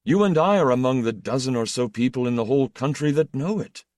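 A man's voice: medium pitch, a little mellow, no room sound, studio quality, voice pushed up, lightly acted. A man voicing a flustered, ambitious male deputy who speaks in urgent, agitated bursts. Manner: urgent, agitated, rapid questioning. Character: excitable middle-aged male politician, a deputy.

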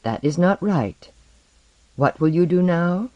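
A reader voicing a calm, compassionate female counselor who speaks softly and soothingly. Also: medium pitch, slow pace, no room sound, lo-fi sound. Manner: soft, composed and soothing. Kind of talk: audiobook character voice.

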